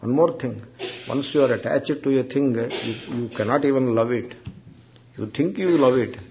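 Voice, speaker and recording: A man, a monk teacher giving an unhurried, gentle spiritual discourse. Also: mid-range voice, vocal fry, a little hiss or hum. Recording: dull lo-fi recording.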